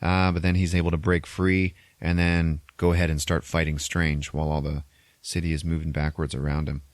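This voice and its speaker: A man hosting a podcast, recapping a movie in a casual, animated way, swearing freely and laughing often. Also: a bass voice, a little fast, no echo. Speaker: podcast host.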